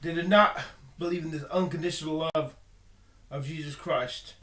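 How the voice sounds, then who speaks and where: A man's voice: a little high, steady tone, normal speed, sharp tone, echoey room. A man giving an earnest personal monologue, emphatic and full of repeated words and restarts. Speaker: video blogger.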